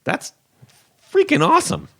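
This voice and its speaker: A man hosting a casual podcast chat, animated and quick to laugh, often trailing off mid-sentence. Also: extremely high pitch, gravelly. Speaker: podcast host.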